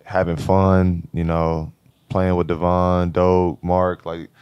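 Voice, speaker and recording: A man's voice: deep voice, level tone, takes it slowly, clear, resonant tone, no echo, muffled recording. A young man in his twenties, a college basketball player, telling stories in a laid-back, slangy way during a casual interview. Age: 20s.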